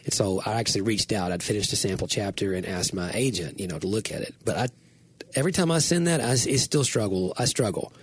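A man's voice: on the low side, lively intonation, fast, slight background noise. A man co-hosting a casual chat, telling long rambling stories with many restarts and fillers. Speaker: podcast co-host.

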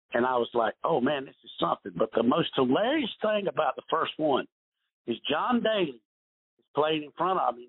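A man's voice: on the high side, slightly rough. An older man telling rambling golf stories in a podcast interview, with many restarts, heard over a phone line. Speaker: golf pro guest.

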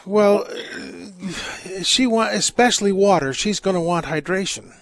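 A man's voice: high voice, a little slow. A man, a priest hosting a call-in radio show, giving earnest pastoral advice with jovial asides. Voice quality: gravelly. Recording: dry close studio mic.

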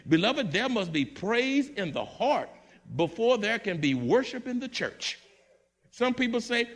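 A man's voice: very high voice, very animated, a little slow, a bit bright. A man preaching a sermon to his church congregation, building fervor through repetition. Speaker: pastor. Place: church sanctuary.

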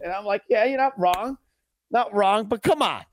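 A man's voice: high voice, moderate pace, dry recording, clean studio sound. A man co-hosting a morning radio show, telling a rambling story with laughs and acted-out quotes. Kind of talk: casual storytelling banter on radio. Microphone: studio mic.

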